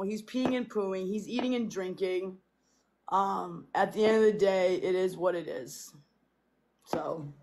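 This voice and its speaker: A woman's voice: mid-range voice, a little mellow. A young woman filming a casual vlog, talking to her cat in a coaxing, repetitive baby-talk manner.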